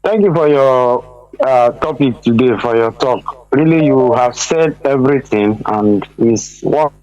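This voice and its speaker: A halting man calls in over WhatsApp, pausing often on "uh" and "um". The sound is dull and muffled, with little high end. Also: darkish tone, no echo. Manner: hesitant, halting. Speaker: caller. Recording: dull WhatsApp call audio.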